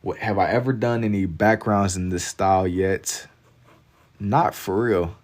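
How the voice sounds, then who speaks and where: Laid-back Southern man, lowish voice. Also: steady tone, a little slow. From Kentucky. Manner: laid-back, rambling, heavy on filler "like". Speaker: live-stream artist. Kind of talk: casual live-stream chat while drawing.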